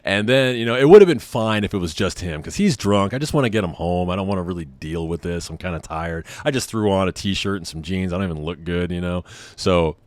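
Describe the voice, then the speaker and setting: A man's voice: sits low, expressive, fairly quick, a little mellow, dry recording. A man hosting a podcast, telling a casual, self-deprecating story in a rambling way with frequent laughs. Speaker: podcast host.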